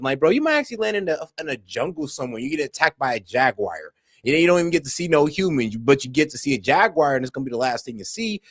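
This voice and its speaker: A man giving casual, slangy reaction commentary, laughing often and talking in an animated way. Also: mid-range voice, dry recording, studio quality. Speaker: streamer reacting to clips.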